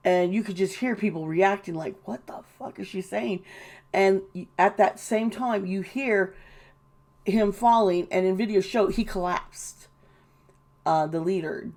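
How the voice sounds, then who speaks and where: A woman's voice: mid-range voice, a little slow, a little mellow. A woman giving casual, indignant commentary, swearing and mocking the people she quotes. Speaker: tarot reader and commentator.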